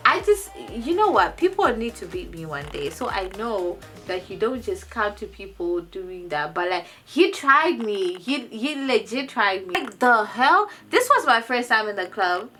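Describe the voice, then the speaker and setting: A young woman casually telling a personal story in a vlog, animated and jumping into high quoted voices, often restarting and repeating words. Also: unhurried, hardly any pauses, soft background music. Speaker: vlogger.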